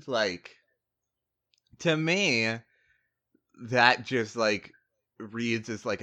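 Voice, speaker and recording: A man's voice: on the low side, sharp tone. A man in casual chat about a movie, rambling with lots of fillers and the odd swear word.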